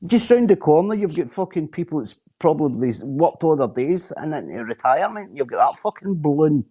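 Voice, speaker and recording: A man's voice: a little high, very animated, brisk, warm tone. A Scottish man in casual chat on a stream, blunt, sweary and repeating himself as he rants.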